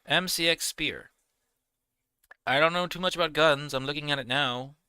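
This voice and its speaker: A man's voice: on the high side, moderate pace, pushed and bright, smooth, dry recording. A young man giving casual gameplay commentary, rambling and ranting animatedly. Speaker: gaming video creator.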